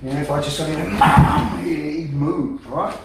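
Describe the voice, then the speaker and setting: A man's voice: a little high, brisk, creaky, very noisy. A man teaching a self-defense class in a training hall, blunt and profane, driving his points home with emphasis. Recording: echoey hall from a distance.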